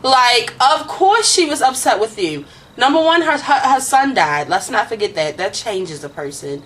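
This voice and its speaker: A woman's voice: on the high side, big pitch swings, moderate pace, a bit bright, low-quality recording. A woman casually recapping a TV drama episode with a co-host, swearing and acting out the characters' lines.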